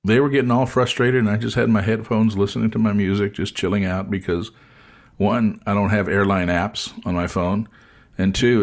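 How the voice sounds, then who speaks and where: A man hosting a casual chat, telling an animated story and acting out the voices of the people in it. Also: on the low side, normal speed. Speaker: host.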